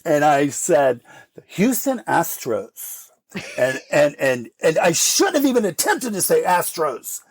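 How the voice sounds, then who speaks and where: A middle-aged American man telling candid, animated stories about his recovery and acting out the voices of the people in them, laughing often. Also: on the high side, slow pace, breathy edge, no room sound. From United States. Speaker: podcast guest.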